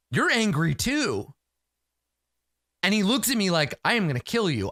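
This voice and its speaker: A man narrates his solo tabletop game in the first person, rambling and emotional and stacking up fillers. His tone is bright and forward. The recording is dry and close, with no room sound. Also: fairly high pitch, no echo.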